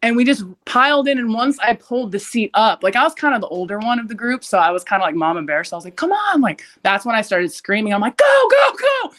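A young woman recounting a frightening encounter as a podcast guest. She talks casually and breathlessly, filling her sentences with "like," and jumps up into loud shouts when she quotes herself. Her pitch sits in the middle. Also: quick pace, few pauses. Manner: uses many fillers like "like". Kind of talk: casual storytelling.

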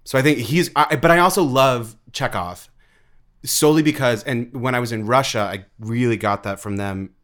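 A man talking as an interview guest about theater, animated, often saying "like" and "dude" and acting out voices. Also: moderate pace. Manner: animated, acts out quoted voices with big pitch jumps; heavy use of "like" and "dude". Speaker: interview guest, actor and writer. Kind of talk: casual conversation.

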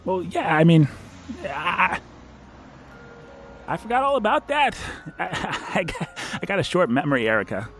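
A man's voice: high voice, big pitch swings, a little slow, long pauses, fairly bright tone, soft background music, heavily acted. A man voicing a nervous young man who stammers, laughs nervously and turns tearful while proposing, in audio drama acting.

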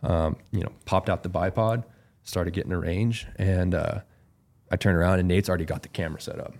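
Man, podcast guest, deep voice, calm, laid-back storytelling. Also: fairly quick. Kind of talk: casual storytelling.

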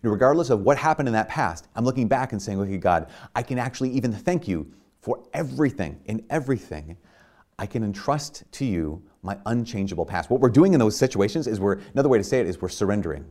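A man's voice: lowish voice, expressive, fast, darkish tone. A man preaching a sermon in an earnest, conversational way, with many fillers and restarts.

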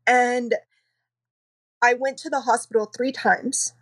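A woman's voice: a little high, fairly even intonation. Earnest woman telling her story. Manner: earnest, emotional, quick recounting. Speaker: podcast guest. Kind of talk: personal storytelling in an interview.

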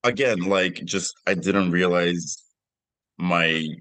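A man's voice: low voice, fairly even intonation, slow, a bit bright, dry recording. A middle-aged man, a film director, answering interview questions reflectively with frequent restarts.

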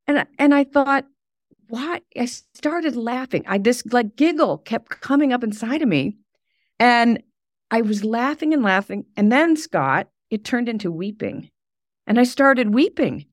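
A middle-aged woman, a podcast guest, telling animated stories and laughing often. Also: a little high, measured pace, no echo, studio quality. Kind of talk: conversational interview.

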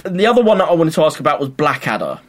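A young man in casual chat, animated and rambling, often laughing as he talks. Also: on the high side, rapid-fire.

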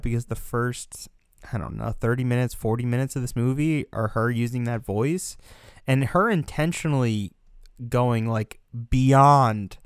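A young American man co-hosting a casual film discussion, animated and ranting, swearing and laughing often. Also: mid-range voice, smooth, no room sound, studio quality. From United States. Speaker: podcast co-host.

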